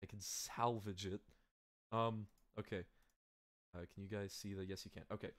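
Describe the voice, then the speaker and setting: A young man hosting a live stream, calling the action in a loud, excitable way and laughing often. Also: fairly low pitch, normal speed. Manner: yells and laughs at big moves, then mumbles when fixing slides. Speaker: stream host and commentator.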